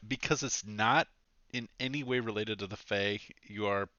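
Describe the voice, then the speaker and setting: Male GM, lowish bright voice, dry close sound, lo-fi stream, chatty with fillers. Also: moderate pace, dry recording. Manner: descriptive, chatty, many fillers. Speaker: game master. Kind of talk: narrating a tabletop game over a stream.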